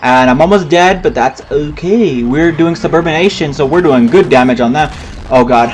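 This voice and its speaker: A chatty man narrates his gameplay in a loose, wandering way, cursing at opponents as he goes. His voice sits a little on the high side. A faint hiss runs under the recording. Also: normal speed, low-quality recording. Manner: rambling, chatty, swears at opponents. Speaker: gaming commentator. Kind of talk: casual gameplay commentary.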